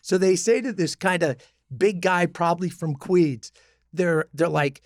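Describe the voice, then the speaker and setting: High-voiced man telling stories with many restarts. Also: measured pace, no room sound, clean studio sound. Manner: storytelling with many restarts, acting out quoted people. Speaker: podcast co-host. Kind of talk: casual political chat.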